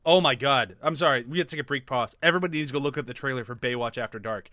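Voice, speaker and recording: A man co-hosting a podcast in casual chat, animated and quick to laugh, jumping between tangents. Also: medium pitch, no room sound, studio quality. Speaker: podcast co-host.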